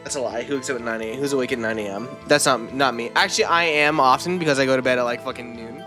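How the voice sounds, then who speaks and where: A woman's voice: very deep voice, fast, over music. A woman streaming a game who chats casually with her viewers, rambling and swearing offhandedly. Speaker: VTuber streamer.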